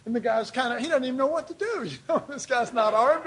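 A man's voice: extremely high pitch, fast, a bit bright, a little hiss or hum. A man preaching a sermon in a loose, conversational way, with lots of rhetorical questions and "you know"s.

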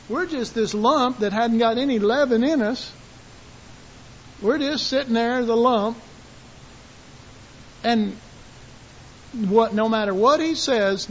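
High-voiced man preaching a sermon, lo-fi hiss. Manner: animated, acts out voices of God and listeners. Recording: dull, hissy lo-fi recording.

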